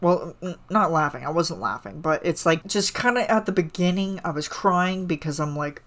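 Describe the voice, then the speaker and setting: A woman's voice: on the low side, expressive, moderate pace, hardly any pauses, a bit bright. A woman hosting a solo podcast, gushing about a song in a rambling, casual way full of fillers. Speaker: podcast host reacting to a song.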